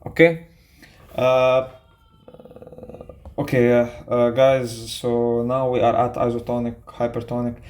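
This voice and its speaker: A man's voice: medium pitch, flat delivery, takes it slowly, long pauses, a little mellow. A young man, tutoring biology in a casual, chatty way and often checking in with "okay?". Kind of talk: explaining a quiz to students.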